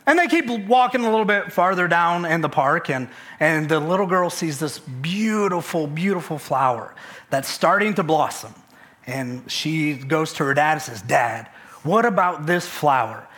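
A male pastor preaching a sermon to a church service, energetic and conversational, with many fillers and restarts. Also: fairly high pitch, moderate pace.

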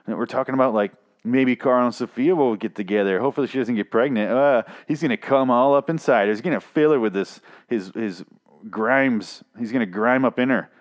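A man's voice: medium pitch, fairly quick. A man recapping a comic in a casual, profane, sarcastic and rambling way. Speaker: podcast host recapping a comic.

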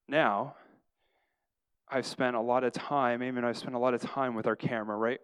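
Animated man preaching with smooth voice. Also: mid-range voice, moderate pace. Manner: animated storyteller, acts out his own prayers, tags lines with "right?". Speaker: pastor. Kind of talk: casual sermon with acted-out stories.

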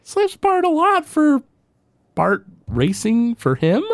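This podcast co-host has an extremely high-pitched voice as he chats casually about a cartoon episode. He's animated, full of fillers and quick to slip into character impressions, with dry, studio-quality sound.

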